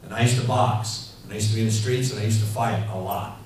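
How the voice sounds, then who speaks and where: A man preaching a sermon in a church, telling stories in an animated, rambling way full of fillers. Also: fairly low pitch, fast. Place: church hall. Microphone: handheld mic. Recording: echoey hall, mic heard from far off, faint noise.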